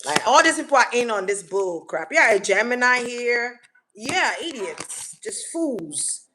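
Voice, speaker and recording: Brief: higher-voiced woman, tarot reader, blunt and profane, emphatic restarts, noisy hiss behind. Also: sing-song, measured pace, bright, forceful tone. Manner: blunt, slangy, swears freely; emphatic, restarts and repeats words. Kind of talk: casual collective tarot reading.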